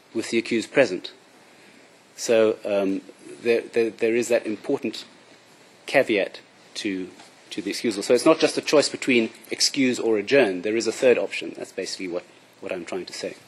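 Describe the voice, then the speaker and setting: A man making a formal, measured courtroom submission as prosecution counsel. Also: lowish voice, slightly rough.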